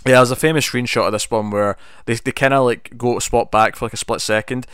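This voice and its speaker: A man's voice: medium pitch, fairly even intonation, fairly quick, a bit bright, smooth, dry recording, studio quality. A man co-hosting a casual podcast, reviewing a TV episode and retelling its scenes with bursts of animation. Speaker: podcast co-host.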